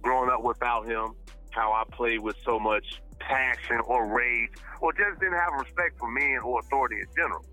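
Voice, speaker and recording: A middle-aged man talking as a guest on a casual podcast, animated and quick to restart his sentences. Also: mid-range voice, faint music behind, poor audio. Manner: animated, talks in bursts with repeated starts.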